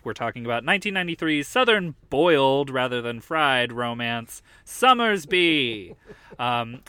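Man, podcast host, higher-pitched, smooth, casual joking chat with fillers. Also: sharp tone, dry recording.

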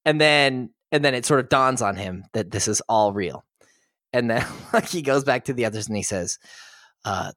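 A man's voice: mid-range voice, moderate pace, fairly bright tone, no room sound. Male podcast co-host, laid-back film recap with frequent chuckles, dry close sound. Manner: chuckles while retelling.

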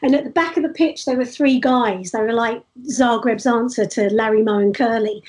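A woman, a street performer, telling animated anecdotes in a casual interview, often restarting her sentences. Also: a little high, moderate pace.

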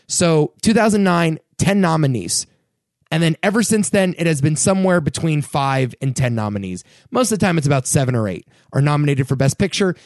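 A young man hosts his own podcast, his fairly high voice leaping up and down as he rants. The sound is dry and close, with no room around him. He talks in a loose, animated way, his pitch climbing when he gets worked up. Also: dry recording. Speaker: podcast host. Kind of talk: casual solo podcast commentary.

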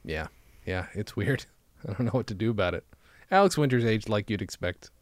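A man hosting a podcast in casual comedic chat, sarcastic and animated as he tells stories. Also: on the low side, moderate pace. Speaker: podcast host.

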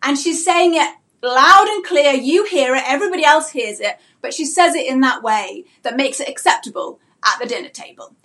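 A woman's voice: high-pitched, animated, moderate pace, pushed and bright. A woman mentoring homeschooling parents in a live-streamed talk. She speaks earnestly and asks many rhetorical questions.

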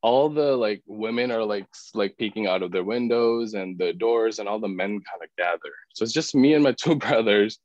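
A man's voice: on the low side, normal speed, hardly any pauses, a little mellow, no echo. A man telling a personal story as a podcast guest, with many "like" fillers and acting out other people's words. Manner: filler-heavy, frequent "like". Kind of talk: casual storytelling. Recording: dull, dry podcast audio.

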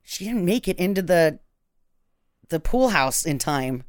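A woman's voice: fairly low pitch, lively intonation, measured pace, no echo, clean studio sound. A woman in a casual chat, blunt and crude, laughing easily.

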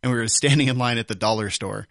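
A man's voice: medium pitch, quick pace, vocal fry, a bit bright, no room sound, clean studio sound. A man hosting a podcast, joking around and laughing often in casual chat. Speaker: podcast host.

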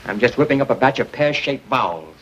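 A man's voice: medium pitch, expressive, brisk, lo-fi sound, slight background noise, natural voice. An actor playing a bumbling young man practicing pompous elocution in a sing-song, mock-posh way, in a 1930s film comedy with an old soundtrack.

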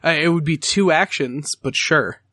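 A man narrating as game master of a tabletop game, laid-back and casual, with halting fillers and offhand swearing. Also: a little high, sharp tone, no echo.

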